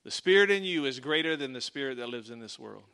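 A man preaching a sermon as a pastor, emphatic, repeating lines and dropping to a hush for weight. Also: mid-range voice, lively intonation, quick pace, gravelly, smooth.

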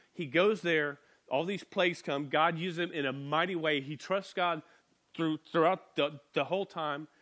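A man with a fairly high voice preaches in a loose, conversational way. He is animated and lively, dropping into little voices as he retells the story. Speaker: pastor. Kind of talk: sermon.

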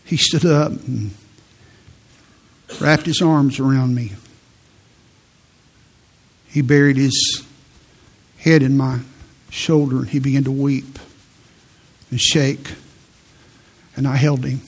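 Husky-voiced man preaching a sermon. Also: medium pitch, fairly even intonation, takes it slowly, pauses often. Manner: earnest storytelling, rising to fervent scripture reading. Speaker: pastor. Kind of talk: sermon with personal stories.

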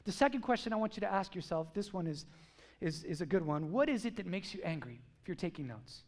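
A man's voice: high voice, animated, fast, a little mellow. A man preaching a sermon with emphasis. He asks the congregation questions and acts out quotes.

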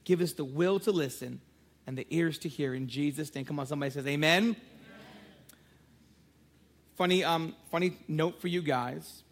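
Husky, joking pastor with a lively sermon voice. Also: male voice, fairly high pitch, normal speed, pauses often. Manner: playful, joking storyteller who prays fervently.

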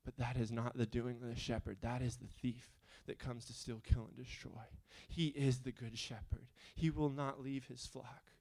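A man preaching a sermon, moving between quiet questioning and loud, fervent appeals. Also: mid-range voice, level tone, moderate pace, few pauses.

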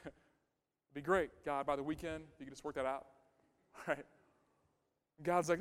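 A man's voice: fairly high pitch, fairly even intonation, unhurried, pauses often, a bit bright. A male pastor giving a conversational sermon, emphatic and repeating his key phrases. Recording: long hall reverb.

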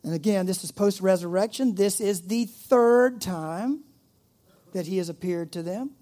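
A middle-aged pastor preaches a sermon, reading scripture aloud and slipping into playful jokes and asides. His voice sits high, is mellow, and moves a little slowly.

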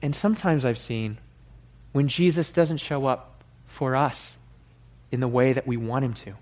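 A man's voice: medium pitch, measured pace, darkish tone. A male pastor preaching a sermon in an earnest, conversational way.

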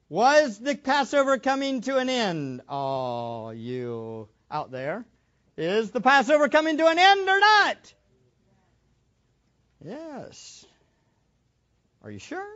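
A man's voice: very high voice, fairly bright tone, lo-fi sound. A man preaching a sermon, asking questions of the congregation and stressing his points. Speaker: pastor.

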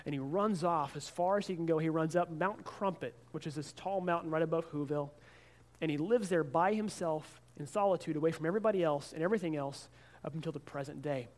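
Pastor, male, high voice, earnest sermon storyteller who stumbles and repeats words. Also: a little fast, a little mellow.

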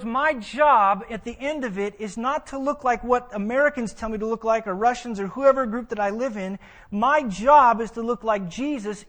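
A man's voice: high-pitched, a bit bright. A man preaching a sermon, emphatic and full of vivid storytelling. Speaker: pastor.

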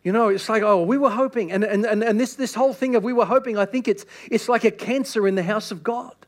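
A man's voice: sits high, quick pace. A male pastor preaching a sermon, emphatic, repeating phrases and restarting lines.

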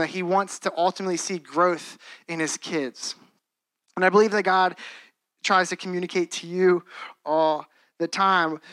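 High, bright-voiced young man preaching. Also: dry recording. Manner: earnest, conversational, with frequent restarts and "like". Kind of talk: sermon.

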